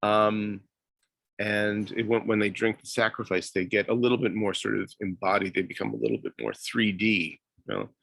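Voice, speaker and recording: A man's voice: lowish voice, steady tone, normal speed, creaky, fairly bright tone, no echo. A man giving a university lecture, hesitant, with many fillers and restarts.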